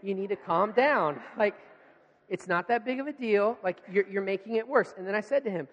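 A man's voice: high voice, fairly quick, long reverb tail, highs cut off. A man in his thirties, a pastor telling a family story in a sermon, acting out his children's voices.

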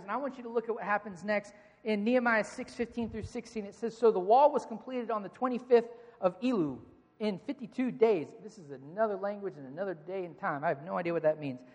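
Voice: mid-range voice, long reverb tail. A preacher delivering a sermon in a church, speaking in a conversational, joking way and addressing the congregation directly. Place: church sanctuary.

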